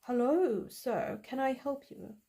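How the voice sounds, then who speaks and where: A woman's voice: high-pitched, slow, creaky, dark tone, full character voice. A woman putting on a lovestruck young heroine. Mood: eager. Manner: breathless, dreamy and gushing.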